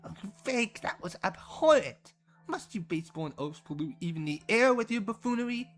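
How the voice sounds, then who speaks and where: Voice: medium pitch, expressive, moderate pace, faint music behind, lightly acted. A performer voicing a haughty young noblewoman who scolds in a prim, proper way. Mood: scolding.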